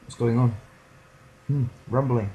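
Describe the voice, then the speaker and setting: Over poor audio with a little hiss or hum, occasionally slightly distant, a teenage boy does let's play commentary. His medium-pitched voice is mellow and steady at a measured pace, though he still rambles, jokes, and does silly voices for characters.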